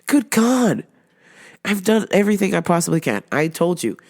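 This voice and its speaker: A fast-talking woman with a lowish voice works in a store and tells stories about her customers in a casual vlog. She is animated and laughing, blunt and sarcastic throughout.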